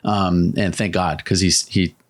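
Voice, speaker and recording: A man's voice: sits low, a little slow. A man in his thirties from California, a soldier and podcast guest, telling a story casually with lots of "like" and restarts. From California, USA. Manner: lively storytelling full of "like" and restarts. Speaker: guest, active-duty soldier.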